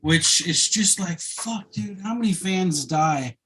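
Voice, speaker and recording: A man's voice: sits high, expressive, slow pace, pushed and bright, husky. A man co-hosting a casual chat, asking wry, teasing questions. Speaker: podcast co-host.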